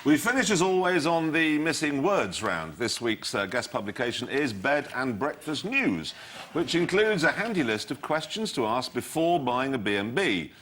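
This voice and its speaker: A man's voice: medium pitch, sing-song, normal speed, a crowd in the background, background noise. A man hosting a comedy quiz show, reading jokes in a wry way to a studio audience. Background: studio audience laughter.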